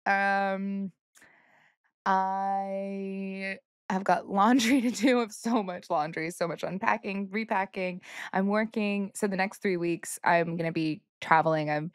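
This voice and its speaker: A woman's voice: medium pitch, unhurried, clean tone, dry recording. Playful young American woman, dry mic. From United States. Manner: laughs easily, upbeat and playful. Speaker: podcast co-host, pro golfer. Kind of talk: casual chat.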